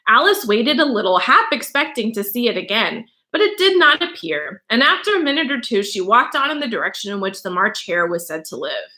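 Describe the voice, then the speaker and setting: A woman's voice: a little high, big pitch swings, fairly quick, sharp tone. A young adult woman teacher reading a story aloud and stopping to explain words in a chatty way, with many fillers and asides.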